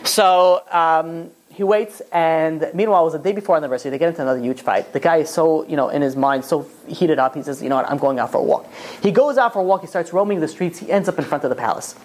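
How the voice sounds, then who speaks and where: A rabbi tells a parable at a quick clip, words tumbling out. His telling is loose and chatty, packed with "you know" and "he's like". It sounds like a man who is relaxed and talking off the cuff. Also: on the high side. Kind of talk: storytelling in a Torah talk.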